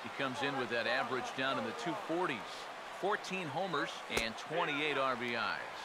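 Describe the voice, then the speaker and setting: A man voicing a steady baseball play-by-play announcer who calls pitches and counts in a video game. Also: close to an everyday voice. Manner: measured, matter-of-fact calling. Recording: game audio under loud noise.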